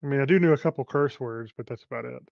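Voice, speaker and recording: A man chatting casually as a co-player, talking in halting, stammering restarts. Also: mid-range voice, gravelly, a little mellow, a little hiss or hum. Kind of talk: casual gaming chat. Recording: dull lo-fi mic.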